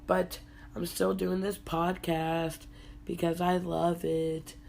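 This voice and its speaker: Young woman, sick and congested, hoarse, very low gravelly voice, slow laid-back podcast chat. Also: little pitch movement, a little mellow, slight background noise. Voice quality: hoarse, husky from illness. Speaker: podcast host. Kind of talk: casual solo podcast chat.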